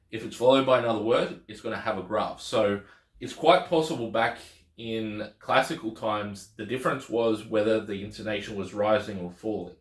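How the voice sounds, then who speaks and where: A man with a lowish voice teaches a language lesson in a relaxed, explanatory way, circling back and repeating words as he thinks. The room around him is echoey. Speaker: Greek teacher.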